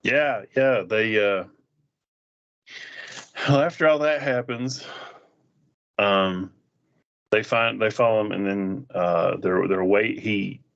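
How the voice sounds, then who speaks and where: Low-voiced man retelling movie scenes. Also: slow, creaky, pauses often, a bit bright. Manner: retells scenes, acting out lines in funny voices. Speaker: movie reviewer. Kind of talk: casual film review chat. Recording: dull lo-fi sound.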